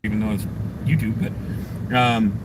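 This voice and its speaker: A man's voice: on the low side, level tone, measured pace. A man telling a story with lots of swearing, chatting offhand and mocking as he reads his live chat outdoors on a city street. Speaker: live streamer being restreamed. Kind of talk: casual profane storytelling while reading chat. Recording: noisy street audio, restreamed.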